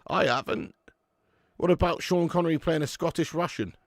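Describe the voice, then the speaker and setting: Speaking at a normal speed with no echo, a young man in a slightly high voice hosts a live football watch-along. He reads viewer comments in casual chat, laughing often and swearing freely.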